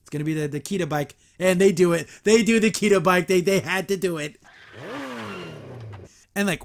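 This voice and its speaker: A man's voice: high-pitched, normal speed, pauses often, background noise. A young man hosting a podcast, recapping and reacting to a cartoon episode in a casual, enthusiastic, rambling way. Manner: enthusiastic, rambling, frequent restarts and laughs.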